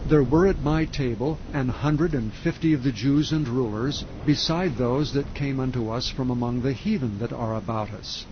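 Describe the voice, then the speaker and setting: A man reading scripture aloud in a slow, even, measured way, calm enough for sleep. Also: mid-range voice, dull audio, slight background noise. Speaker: scripture reader. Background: faint rain sound.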